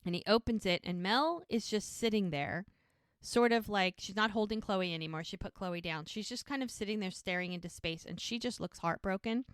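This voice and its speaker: Chatty woman recapping a show, crisp and dry. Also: mid-range voice, normal speed, no room sound. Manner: chatty storyteller, emotional, many fillers. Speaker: podcast co-host. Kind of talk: casual chat recapping a TV episode.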